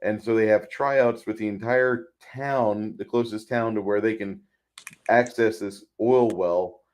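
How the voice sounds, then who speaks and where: A man's voice: lowish voice, steady tone, unhurried, darkish tone. A man co-hosting a podcast, chatting casually about a film, repeating words and acting out lines. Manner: rambling, repeats words, acts out quotes. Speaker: podcast co-host. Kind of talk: casual movie chat.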